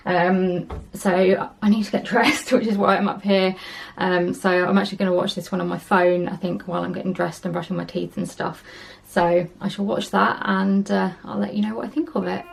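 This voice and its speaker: A woman's voice: mid-range voice, fairly even intonation, normal speed, creaky, hardly any pauses. A young woman chatting casually to camera in her vlog, rambling along with plenty of ums and little laughs. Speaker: vlogger.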